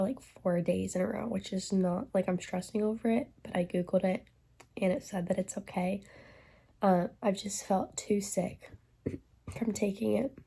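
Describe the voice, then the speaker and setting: A woman's voice: mid-range voice, gravelly, mellow, slightly rough. A young woman vlogging candidly about her pregnancy, nauseous and stuffy, chatting loosely with lots of "like" and "um" into a phone held at arm's length. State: nauseous and congested. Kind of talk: casual pregnancy vlog.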